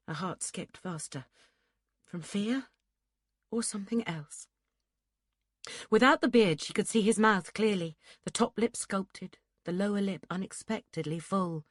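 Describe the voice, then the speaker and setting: A woman narrating a historical romance audiobook in a steady, measured storytelling manner. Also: medium pitch, no echo, clean studio sound. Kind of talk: scripted narration.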